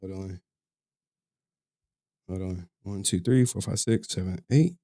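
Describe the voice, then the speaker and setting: A man with a low voice rants at an unhurried, drawn-out pace as a streamer talking to his viewers. He swears freely, leans on slang and breaks into laughter again and again. His tone stays casual and mocking throughout. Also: dark tone. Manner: profane, laughs often, slangy.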